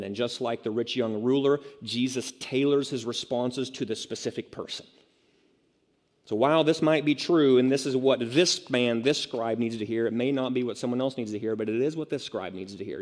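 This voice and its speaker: A pastor delivers a sermon in a relaxed, chatty way, breaking into self-deprecating jokes and acting out the people he describes. His voice sits at an ordinary pitch for a man. The sound carries the long reverb of a large hall. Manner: conversational, self-mocking asides, acts out quotes.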